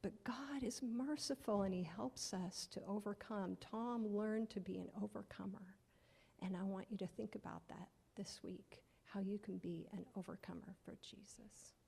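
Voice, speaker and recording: A woman's voice: mid-range voice, steady tone, moderate pace, vocal fry, mellow, slightly rough, big-room sound. A woman telling a children's story at church, asking the children questions and often dropping to a near-whisper.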